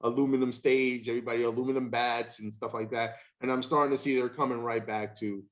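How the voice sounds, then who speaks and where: A man's voice: mid-range voice, little pitch movement, quick pace. A man with a middling voice hosts a laid-back baseball chat. He tells folksy stories and breaks into chuckles along the way. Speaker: podcast host, former catcher. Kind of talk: casual interview chat.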